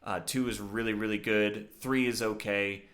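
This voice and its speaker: Low-voiced man rambling on a podcast. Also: fairly even intonation, normal speed, a bit bright. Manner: rambling, lots of fillers and restarts. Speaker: podcast co-host. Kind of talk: casual chat.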